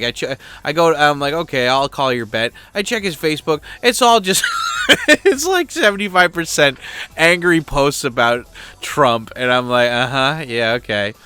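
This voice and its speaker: A man's voice: mid-range voice, pushed and bright, smooth. A middle-aged man hosting a channel, venting in a rambling, blunt, crude way, full of fillers and restarts. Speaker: host. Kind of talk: casual venting monologue.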